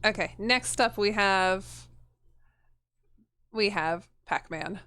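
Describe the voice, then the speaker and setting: A woman taking part as a player in a tabletop game, chatty and quick with asides. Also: medium pitch, sharp tone, smooth, no echo. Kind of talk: casual tabletop role-play.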